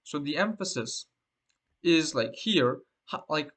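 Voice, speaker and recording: A man's voice: a little high, lively intonation, measured pace, fairly bright tone. A man teaching a lesson, explaining at length with many fillers and a tag question after most points. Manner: rambling, with frequent fillers and repeated "right?".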